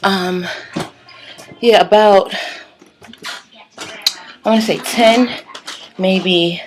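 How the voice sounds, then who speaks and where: A woman casually telling her side of a story, animated, acting out her own quoted lines and swearing freely. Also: medium pitch, drawn-out words, pauses often, over music.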